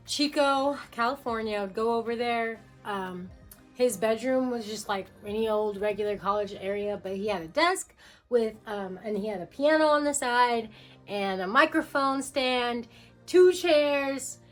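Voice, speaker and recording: A young woman musician talking casually to camera about making her album, full of fillers and quick asides. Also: fairly high pitch, fairly bright tone. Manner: chatty, filler-heavy, jumps into quoted voices.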